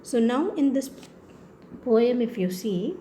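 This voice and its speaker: A woman's voice: a little high, animated, slow, warm tone, slight background noise. A woman teacher with an Indian English accent, patiently explaining a poem's literary devices and often checking that the children understand. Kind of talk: classroom lesson on poetry.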